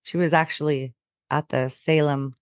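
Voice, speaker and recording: A woman's voice: low-pitched, steady tone, clear, resonant tone. A woman hosting a podcast, giggling and chiming in during casual chat. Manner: giggly, quick interjections. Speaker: podcast host.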